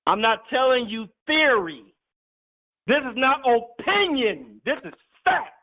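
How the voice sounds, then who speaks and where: Emphatic high-voiced preacher, tinny sound. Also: male voice, very animated, slow pace. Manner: emphatic, teasing, laughs often. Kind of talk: sermon teaching. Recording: tinny phone-like audio.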